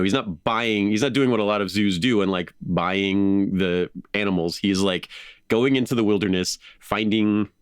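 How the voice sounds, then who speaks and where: Lively low-voiced man telling a story. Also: clear, resonant tone, no room sound, studio quality. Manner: animated, laughs often, many fillers. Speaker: podcast host. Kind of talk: casual storytelling chat.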